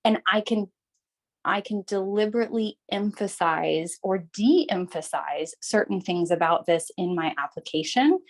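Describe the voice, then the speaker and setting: A woman's voice: mid-range voice, expressive, measured pace. A woman taking part in an online course, thinking aloud about how she learns, with hesitant restarts. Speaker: course participant. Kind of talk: reflective casual talk.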